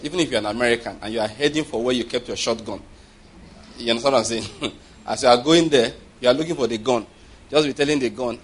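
Husky male preacher, chatty sermon. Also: medium pitch, quick pace. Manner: conversational, checks in with the congregation, chuckles often.

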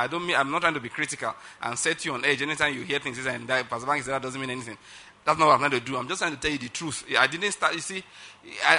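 A man's voice: a little high, sharp tone. A middle-aged man preaching a sermon emphatically, often checking that listeners follow his point. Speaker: pastor.

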